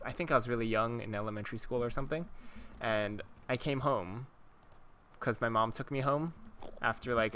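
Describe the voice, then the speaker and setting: A man's voice: mid-range voice, bright, forceful tone, slight background noise. A man in his twenties hosting a game video, chatting casually and chuckling as he tells stories to his viewers. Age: 20s. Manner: rambling and chuckling, talks to viewers. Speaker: Minecraft let's-play host. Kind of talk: casual commentary while gaming.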